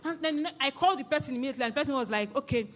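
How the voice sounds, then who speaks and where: Nigerian woman, young adult, high voice, excited church testimony over music; exclaims and quotes. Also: rapid-fire. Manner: excited, exclaiming, quoting others in dialogue. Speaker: testimony giver at a church service. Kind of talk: emotional testimony.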